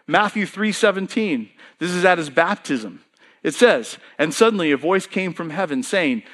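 A middle-aged man preaching a sermon, emphatic and animated, putting questions to the congregation and answering them himself. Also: high voice, unhurried. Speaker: pastor.

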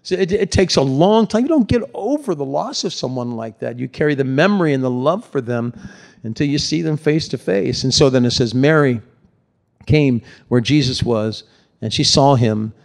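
A man's voice: mid-range voice, animated, normal speed, vocal fry, darkish tone. An older man, a pastor, preaching a sermon in a conversational, tender way that sinks to near-whispers at emotional moments.

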